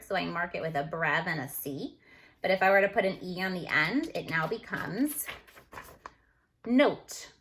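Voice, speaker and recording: A woman teacher going over a phonics lesson on a video call, slowly sounding out letters and words. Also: fairly low pitch, creaky, sharp tone. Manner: slow, deliberate, sounds out each letter. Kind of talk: recorded phonics lesson review.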